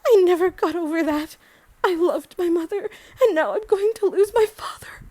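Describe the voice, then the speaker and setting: A woman's voice: very high voice, steady tone, measured pace, bright, forceful tone, dry recording, heavily acted. A woman voicing a grieving middle-aged mother with a quavery voice close to tears. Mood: hurt.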